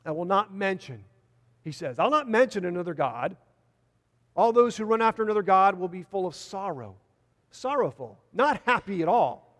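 A man with a high voice preaching a sermon in an earnest manner. He leans on repeated phrases for emphasis. The sound rings with the long echo of a hall. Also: very animated, moderate pace, fairly bright tone.

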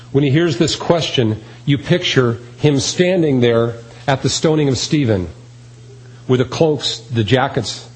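A man's voice: medium pitch, poor audio. A man preaching a sermon, earnest and emphatic, repeating key phrases. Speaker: pastor.

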